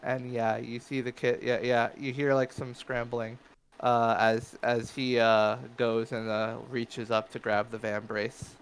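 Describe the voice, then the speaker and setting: Male game master, mid-pitched and smooth, narrates with halting fillers. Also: flat delivery, poor audio. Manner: hesitant, full of fillers.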